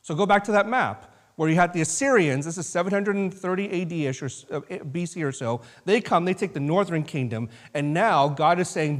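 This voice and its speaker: A man's voice: on the high side, animated, a little fast, hardly any pauses. A man leading a Bible study as pastor, talking through the passage in a loose, casual way with restarts and asides. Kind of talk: informal sermon. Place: church sanctuary.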